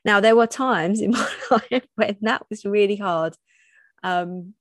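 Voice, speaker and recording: A woman's voice: medium pitch, unhurried, no room sound, clean studio sound. A woman in her thirties hosting her own podcast, talking openly and personally with frequent restarts. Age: 30s. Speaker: podcast host. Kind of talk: solo podcast monologue.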